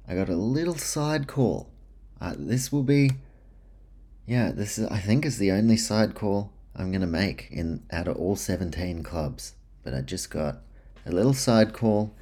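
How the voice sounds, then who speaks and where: A man's voice: deep voice, warm tone. A man hosting a casual solo sports podcast, chatty and self-deprecating, reading through lists of names with a dry mouth. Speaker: podcast host.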